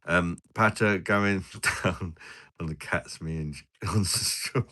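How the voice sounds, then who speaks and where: Deep British guy rambling over drinks. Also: very slow, bright, forceful tone. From Britain. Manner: rambling, jokey banter with frequent laughs. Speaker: live-stream host. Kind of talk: casual live-stream chat while drinking.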